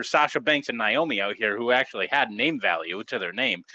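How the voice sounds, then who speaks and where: Blunt, swearing man, bright and dull-toned. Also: mid-range voice, lively intonation, brisk. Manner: blunt, profane ranting. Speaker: co-host. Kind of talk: casual podcast chat.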